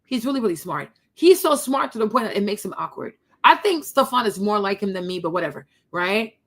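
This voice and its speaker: A woman's voice: medium pitch, very animated, brisk. A young woman from the Ivory Coast who hosts her own channel. She tells a story to her viewers in a casual way, calls them y'all and keeps asking "right?". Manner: chatty, addresses viewers as y'all, many tag questions. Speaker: host.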